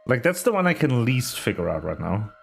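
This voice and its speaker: A man reading a visual novel's text aloud on a stream, in a steady mid-pitched voice. He stumbles over a word now and then and breaks off for casual asides. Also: a little fast, gravelly, slightly rough, faint music behind.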